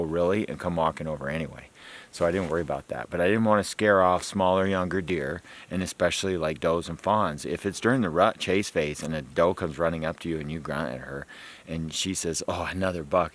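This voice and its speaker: A man hosting a hunting video, explaining deer calls in a rambling, chatty way and laughing often. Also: low voice. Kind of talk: casual instructional talk.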